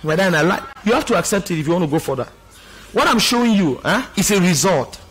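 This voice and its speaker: A pastor preaching, passionate and often shouting out exclamations between scripture quotes. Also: male voice, sits high, very animated, quick pace, slightly rough. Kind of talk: sermon.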